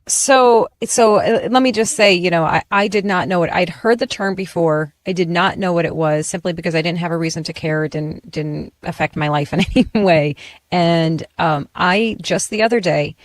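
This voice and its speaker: A woman hosting a political commentary chat show, talking in an animated way and often stopping to restart her sentences. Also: fairly low pitch, no room sound. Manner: animated, self-interrupting, frequent restarts. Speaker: host.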